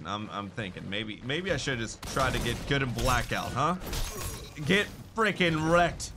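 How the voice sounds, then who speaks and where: Excitable young man over game gunfire. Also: mid-range voice. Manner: excitable, jokey, sudden shouts. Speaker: gaming YouTuber. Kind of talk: live gameplay commentary. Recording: gunfire noise behind voice.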